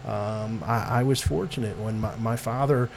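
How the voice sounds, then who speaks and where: A man's voice: fairly low pitch, normal speed, vocal fry, slight background noise. A middle-aged American man chatting as an interview guest, rambling with lots of fillers and restarts and laughing often. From United States. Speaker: guest, Italian-American club president. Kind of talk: casual interview chat.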